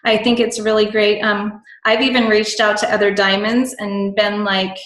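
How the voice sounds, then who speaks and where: A woman's voice: medium pitch, level tone, normal speed, a bit bright. A woman giving casual sales tips on a team call, bubbly and chatty with lots of ums and likes. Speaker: team call guest speaker. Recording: echoey room.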